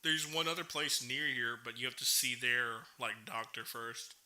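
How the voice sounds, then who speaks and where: A man's voice: medium pitch, moderate pace, bright, forceful tone. A young man co-hosting a casual podcast chat, giggling often and saying "dude" and "bro". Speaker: podcast co-host. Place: podcast studio.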